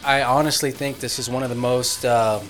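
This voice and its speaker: Bright-voiced laid-back man saying "dude". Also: mid-range voice, steady tone, normal speed, faint music behind. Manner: laid-back, says "dude" a lot, swears. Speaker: podcast co-host. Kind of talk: casual chat.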